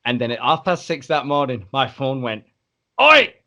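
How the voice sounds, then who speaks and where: A man in casual chat, a lively storyteller who acts out other people's lines. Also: medium pitch, moderate pace.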